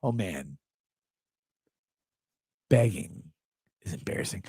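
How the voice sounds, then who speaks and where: A drunk man slurs through a sneering, mocking rant on his stream. His voice leaps around in pitch and has a husky grain, heard close and dry with no room at all. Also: sing-song, moderate pace, pauses often, dry recording. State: drunk, slurring.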